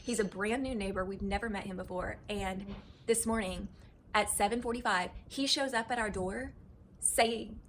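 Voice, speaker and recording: A woman talking in a casual home vlog, close to tears and gushing with gratitude, with halting restarts. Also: medium pitch, fairly bright tone, a little hiss or hum, poor audio. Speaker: vlogger and wife. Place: home kitchen.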